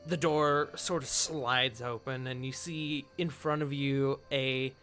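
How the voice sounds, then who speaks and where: A man's voice: medium pitch, fairly even intonation, slow, a bit bright, soft background music. A man running a tabletop game as game master, narrating casually with many fillers and restarts.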